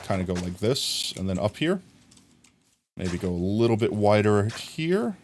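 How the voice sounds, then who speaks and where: A young man streaming live, chatting casually and thinking aloud as he builds in a game, playful and quick to laugh at himself. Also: on the low side, big pitch swings, darkish tone, slight background noise.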